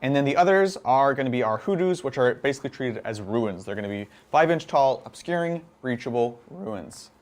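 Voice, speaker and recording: A man playing in a tabletop wargame, chatting in a jokey, animated way and laughing often. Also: mid-range voice, a little fast, hardly any pauses. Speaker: wargame player. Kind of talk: casual tabletop game chat.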